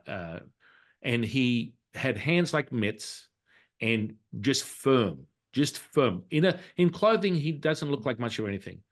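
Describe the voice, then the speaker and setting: A man, a Taoist priest and healer, telling a reflective personal story in a casual interview and acting out the dialogue in it. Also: medium pitch. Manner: reflective, acts out quoted dialogue in his story; frequent restarts and fillers.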